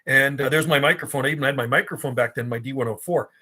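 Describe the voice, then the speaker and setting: A man's voice: medium pitch, fast talker, sharp tone. A man, hosting a casual livestream and reminiscing as he answers chat. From Canada. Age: 50s. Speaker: livestream host and radio hobbyist.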